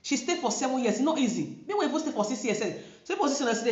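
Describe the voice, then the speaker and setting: A woman's voice: sits high, big pitch swings, fast talker, few pauses, darkish tone. A woman with a Nigerian Pidgin-inflected English accent, talking to camera as a vlogger in an emphatic, preachy way and repeating her points. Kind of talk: casual commentary to camera. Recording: roomy, dull lo-fi sound.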